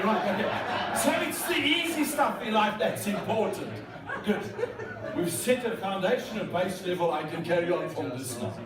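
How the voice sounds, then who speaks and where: A corporate speaker and magician with a high voice playfully jokes through a conference keynote, doing magic tricks, teasing the audience, and speaking directly to them. The sound comes from a distant mic in a large, echoey hall with background noise.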